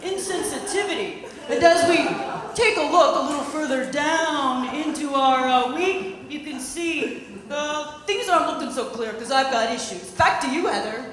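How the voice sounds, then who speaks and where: A woman voicing her weatherman boyfriend, halting through a forecast with lots of "uh" in a stand-up routine. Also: high-pitched, expressive, pitched above the performer's own voice. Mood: deadpan forecast. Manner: halting forecast patter full of "uh". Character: bumbling male TV weatherman boyfriend. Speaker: comedian. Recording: echoey club hall with crowd noise.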